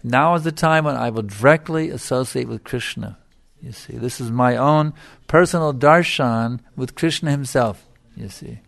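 A man's voice: medium pitch, normal speed, vocal fry, a bit bright, dry recording. A middle-aged man giving a devotional lecture as a spiritual teacher, emphatic and repeating his phrases for stress.

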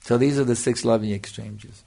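An older man with a gravelly, fry-edged voice delivers a devotional lecture. He teaches earnestly, circling back to his points and checking in with his listeners. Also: mid-range voice, fairly even intonation, normal speed, warm tone. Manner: earnest, repeats "you see", answers questions. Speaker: spiritual teacher.

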